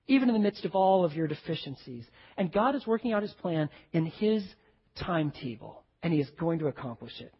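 A man preaching a lively sermon in a big hall, his slightly husky voice trailing off into a long reverb. The sound is dull and a bit muffled, like a church recording. He talks right at his listeners and slips into other people's voices as he tells a story. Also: high-pitched. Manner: animated preaching, acts out quoted voices, asks the audience questions. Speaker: pastor.

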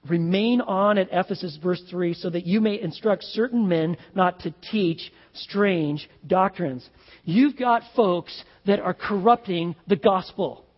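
A male pastor delivers a sermon in a relaxed but emphatic way, often turning aside to talk straight to his listeners. His voice sits high and a little husky. The sound is dull and lo-fi, with a long reverb trailing off the walls of a large hall. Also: a little slow. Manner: conversational, emphatic preaching with asides.

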